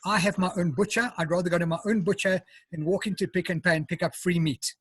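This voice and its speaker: Husky high-voiced South African man. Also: steady tone, fast, dry recording. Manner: chatty, explains step by step, eats while talking. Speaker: home cook presenting. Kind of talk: casual live cooking demo.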